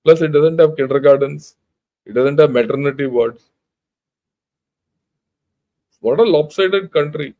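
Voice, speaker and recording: Heard through phone-quality sound, a fairly high-pitched older man with an Indian English accent talks at a moderate pace. He is a retired army general delivering an informal lecture, emphatic, blunt and laced with rhetorical questions.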